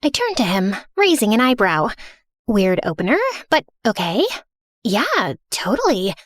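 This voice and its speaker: A young woman narrating her own animated story in first person, sassy, dramatic and sarcastic. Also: medium pitch, unhurried, no echo, studio quality. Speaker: narrator and heroine.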